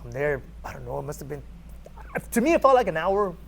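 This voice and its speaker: A man's voice: fairly high pitch, quick pace, gravelly, a little hiss or hum. A man from California, a podcast guest, telling a story animatedly with many repeated words. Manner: animated, repeats words, acts out quoted dialogue. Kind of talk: conversational storytelling.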